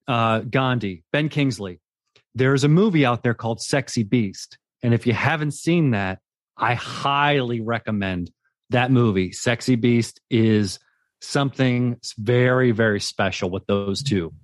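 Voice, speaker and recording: A man's voice: mid-range voice, a little slow, no room sound, studio quality. A man in casual chat about movies, emphatic and repeating words for stress.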